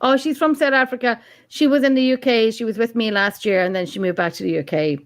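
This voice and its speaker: A woman's voice: on the high side, fast talker, no room sound. A woman chatting casually in a group, laughing easily and poking fun at herself. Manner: laughing, chatty and self-deprecating. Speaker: group chat participant.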